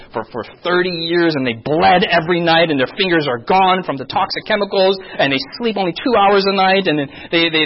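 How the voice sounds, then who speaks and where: A man's voice: a little high, dull audio. A man in his thirties, a pastor, giving a sermon-style presentation and often asking the audience questions, with self-mocking humor. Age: 30s.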